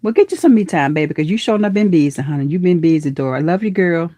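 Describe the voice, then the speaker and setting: A woman with a fairly low voice chats through a live stream, warm with her viewers and full of honey, baby and girl. Her pitch leaps up when she greets people. The sound is dry and close, with no room around it. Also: fast talker, no room sound. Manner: lively, with pitch leaping up in excited greetings.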